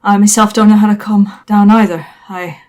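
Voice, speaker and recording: Dazed bleeding sailor guy, halting and confused, woman doing the voice, tabletop game. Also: high voice, fairly even intonation, a little mellow, natural voice. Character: shaken, bleeding young male sailor.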